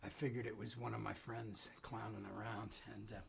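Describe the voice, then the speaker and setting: A man's voice: on the low side, little pitch movement, fairly quick, creaky, a little hiss or hum. A man, a folk musician on a live stream, introduces a song in a rambling, self-deprecating way full of ums. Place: home studio. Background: guitar.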